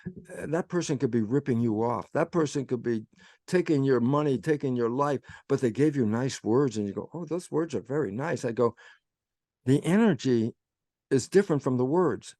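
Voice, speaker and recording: An older man speaking as a guest, explaining his ideas in an animated, conversational way and acting out both sides of his own inner dialogue. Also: mid-range voice, moderate pace, dry recording, studio quality.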